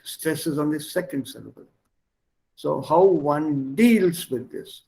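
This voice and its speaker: A man teaches an online language class over a video call. His voice sits a little high and he speaks slowly, going through the words one by one and moving between languages as he explains. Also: animated, creaky, darkish tone. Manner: slow, explains word by word, switches between languages.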